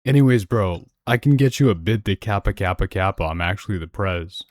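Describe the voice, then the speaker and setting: A man's voice: lowish voice, lively intonation, fairly quick, a little mellow, no room sound. A young man hosting a crude voice chat, trolling people with swaggering mock frat-bro bravado. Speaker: host.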